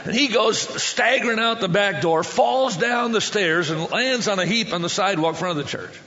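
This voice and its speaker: A man preaching a sermon as a story, animated, with stammering restarts that build to shouting. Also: sits high, moderate pace, in a large hall, highs cut off.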